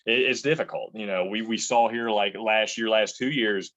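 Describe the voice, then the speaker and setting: A man's voice: on the low side, moderate pace, fairly bright tone. A man in an interview who rambles, restarts his sentences and tells anecdotes about working as a chef. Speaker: chef and entrepreneur. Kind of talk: casual interview answers.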